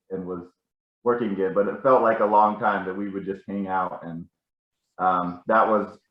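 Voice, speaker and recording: A man's voice: lowish voice, roomy sound, lo-fi sound. A man telling rambling, self-correcting stories about a family member at a casual gathering. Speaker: family member sharing memories.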